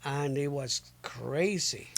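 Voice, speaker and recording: A man's voice: mid-range voice, slow, vocal fry, fairly bright tone. A man hosting a radio show, chatting loosely with a guest, interjecting and laughing. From New York. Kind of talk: casual interview chat.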